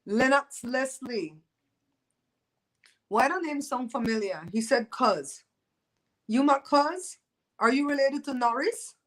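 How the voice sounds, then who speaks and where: A woman's voice: high voice, takes it slowly, pauses often, poor audio. A woman in her fifties from Belize, chatting casually with viewers on her livestream, loose, teasing and opinionated. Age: 50s. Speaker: livestream host. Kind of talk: casual live-stream chat with viewers. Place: home.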